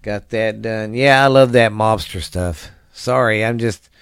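Tired, slow-talking man. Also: lowish voice, a bit bright, clear, resonant tone, dry recording, clean studio sound. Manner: loose, rambling and crude, with coughs and trailing off. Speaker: podcast host. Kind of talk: casual solo podcast chat.

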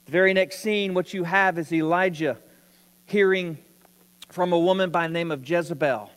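A man's voice: high-pitched, moderate pace, fairly bright tone, clear, resonant tone, in a large hall. A man preaching a sermon, telling a story with rising emphasis.

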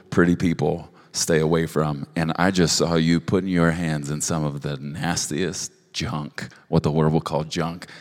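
A man giving personal prophetic words to a couple at a church service, halting and earnest, with frequent restarts. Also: extremely low pitch. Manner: halting, with restarts and soft asides. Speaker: prophetic minister. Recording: long hall reverb.

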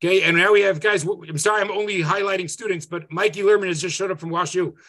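A man teaching an interactive online class as a rabbi, conversational and lively, often checking in with "right?". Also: high-pitched, fast. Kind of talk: interactive Zoom lecture. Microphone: video call.

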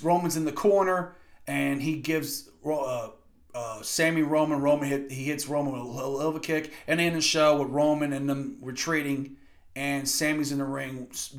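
A man giving a casual, excitable and profane play-by-play review of a wrestling event. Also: on the high side. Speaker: wrestling podcast host.

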